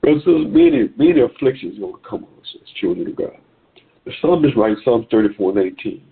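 Over a tinny phone line, a man with a medium-pitched, creaky, slightly breathy voice preaches a sermon to listeners on a conference call. He talks fast with lively intonation, exhorting them in a repetitive preaching cadence.

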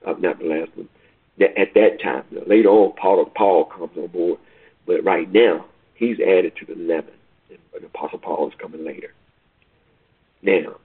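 Over a tinny phone line, a man with a low, slightly rough voice preaches a sermon. He repeats himself and builds toward rising, urgent questions.

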